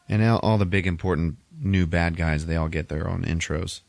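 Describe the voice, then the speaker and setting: Podcast host, male, deep voice, casual amused movie recap with frequent chuckles, dry recording. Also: steady tone, a little fast, creaky, hardly any pauses, dry recording. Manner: chuckles often while retelling scenes.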